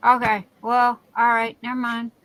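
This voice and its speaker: Woman, Southern accent, high voice, bright tone, chatty live-stream host, warm greetings to viewers. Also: level tone, normal speed, rough recording. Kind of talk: casual live-stream chat.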